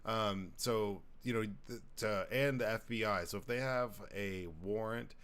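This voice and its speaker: A man's voice: on the low side, a little slow, a bit bright, smooth. A young man co-hosting a casual podcast, rambling and swearing, pressing to finish his point. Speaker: podcast co-host.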